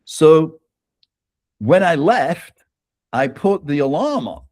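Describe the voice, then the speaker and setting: A man's voice: on the high side, sing-song, slow, darkish tone, no room sound. A man guest telling a personal story in casual conversation, often tagging sentences with "right?" and laughing between lines. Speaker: author guest.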